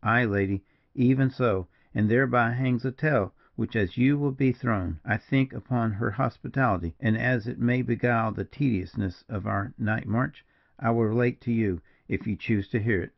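A man's voice: mid-range voice, moderate pace, gravelly, natural voice. A man voicing a kindly, courtly veteran frontier scout in an audiobook, speaking in an earnest, old-fashioned way. The recording is dull and lo-fi. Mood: warm, courtly.

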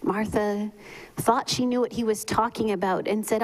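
A woman preaching a memorial sermon in a slow, measured way, often dropping to a whisper. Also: medium pitch, steady tone, a little mellow, rough recording. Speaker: pastor giving a eulogy.

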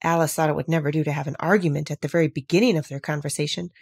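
Measured storybook reader, woman, husky tone, low pitch. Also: fairly even intonation, darkish tone, dry recording, studio quality. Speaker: narrator. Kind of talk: audiobook narration.

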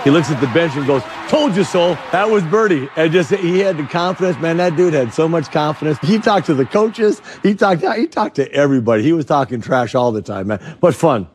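A former player telling stories casually, an animated man who often laughs. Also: fairly high pitch, brisk, hardly any pauses, slight background noise.

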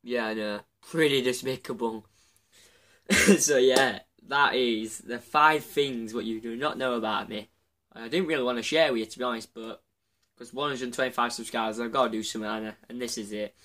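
A man's voice: mid-range voice, steady tone, moderate pace, pushed and bright, a little hiss or hum. A man with a Yorkshire accent telling embarrassing stories about himself on his channel, rambling and chatty and laughing at himself. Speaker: channel host. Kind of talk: casual confessional storytelling.

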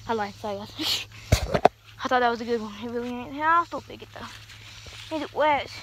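A high-voiced young woman chats on through a rambling vlog, a little out of breath. She holds the phone in one hand outdoors in a cornfield. Plenty of outdoor noise runs under her voice. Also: moderate pace. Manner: chatty, rambling, talks to viewers. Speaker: vlogger. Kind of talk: casual vlog. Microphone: phone held in one hand. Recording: noisy outdoor phone recording.

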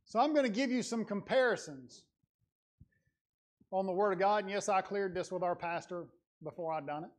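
A man's voice: sits high, moderate pace, long pauses. A man delivering a sermon in a church, earnest and conversational, building to emphatic passages. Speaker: lay preacher. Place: church sanctuary.

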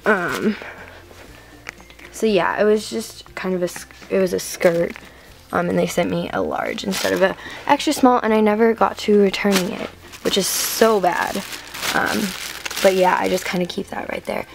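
A woman's voice: medium pitch, animated, normal speed, creaky, over music. A teenage woman in her bedroom, giving a casual room tour, chatty and rambling with lots of ums. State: slightly out of breath. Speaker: vlogger. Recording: noticeable background noise.

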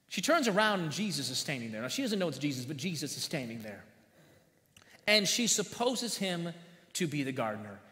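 A man preaching a sermon as pastor, repeating phrases in a steady cadence, sometimes rising loud and sometimes dropping quiet. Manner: swings from loud emphatic lines to quiet low-voiced ones. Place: church sanctuary. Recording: reverberant church sanctuary.

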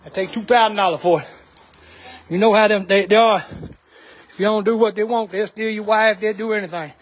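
Husky, very high-voiced man. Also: fairly even intonation, fairly quick, dry recording. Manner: shouts short directions, then hawks items for sale in a joking patter. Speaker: vlog host. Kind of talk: casual vlog talk.

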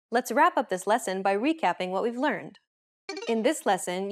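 A woman hosting a language lesson, explaining the rules in a clear, measured scripted narration. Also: mid-range voice.

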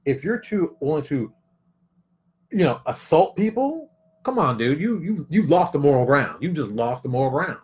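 A middle-aged man talks straight to his listeners in a casual opinion monologue, his voice swinging widely up and down as he presses each point. He sits a little higher than most men and hammers lines home by repeating them. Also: normal speed. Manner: animated, emphatic, repeats phrases for effect. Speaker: commentary vlogger.

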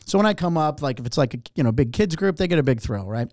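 Man, comedian, middle-aged, animated profane storyteller, fairly high voice, dry close mic. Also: fast, dry recording. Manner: animated, profane, acts out other voices in anecdotes. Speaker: comedian and warm-up host. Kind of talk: casual storytelling.

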